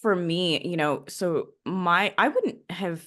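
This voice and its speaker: A young woman hosting a podcast, speaking in an emotional, grateful and halting way to a former leader. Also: fairly low pitch, lively intonation, fairly bright tone. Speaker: podcast host, former Marine. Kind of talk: casual interview chat.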